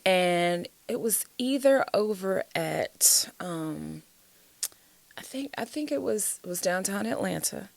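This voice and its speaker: Black woman poet talking on a chat show, uplifting and sing-song, pitch all over, bit of fry. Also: takes it slowly, no room sound. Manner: animated, uplifting, preacher-like cadence. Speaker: guest, spoken word poet. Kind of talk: casual interview talk.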